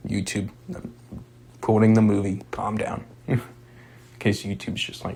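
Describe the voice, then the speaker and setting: A young man with a low, gravelly voice talks through a movie review. His delivery is loose and rambling, packed with "like" and "um", and a bit husky around the edges. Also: fairly even intonation, normal speed, dark tone. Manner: rambling, full of "like" and "um" fillers; laid-back, chuckles now and then. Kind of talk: casual spoken movie review.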